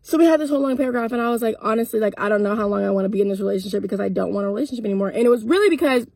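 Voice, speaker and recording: An eighteen-year-old woman tells a storytime vlog to her followers, blunt and casual, cursing and acting out both sides of the arguments. Her voice is a touch high and husky. The sound is dry and close. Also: racing, a little mellow, no room sound. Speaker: content creator.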